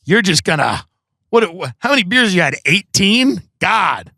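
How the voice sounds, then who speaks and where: A man's voice: high-pitched, sing-song, measured pace, creaky, sharp tone, no echo, clean studio sound, heavily acted. A man putting on the voice of a cheeky teenage boy who teases his parents in a mock-serious way. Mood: teasing. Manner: mock-serious, teasing, needling.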